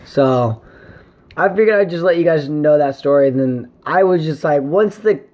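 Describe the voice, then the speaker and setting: A man's voice: fairly high pitch, lively intonation, normal speed, a little mellow. A young man in a casual vlog, rambling through a story to camera with lots of swearing and filler words. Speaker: vlogger.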